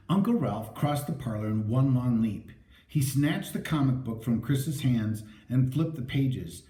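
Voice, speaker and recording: A man narrating a story aloud with a dramatic, lively reading. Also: mid-range voice, a little slow. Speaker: audiobook narrator. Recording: echoey room.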